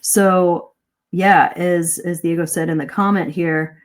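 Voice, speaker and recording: Middle-aged woman coach, low-ish voice, animated live-stream lesson. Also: slow pace. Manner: lively, varies pace and emphasis to demonstrate. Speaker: English speaking coach.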